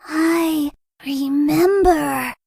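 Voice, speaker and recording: A woman voicing a lonely, eerie ghost girl in a video game, speaking in breathy, drawn-out lines that slip into whispers. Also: high voice, steady tone, darkish tone, no echo, heavily acted. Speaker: voice actress.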